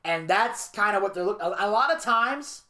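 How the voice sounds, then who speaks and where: A man co-hosting a podcast, reading a narration aloud and retelling scenes in a crude, animated way. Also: high-pitched, moderate pace. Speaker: podcast co-host. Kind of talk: casual podcast chat, reading a documentary narration. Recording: echoey room.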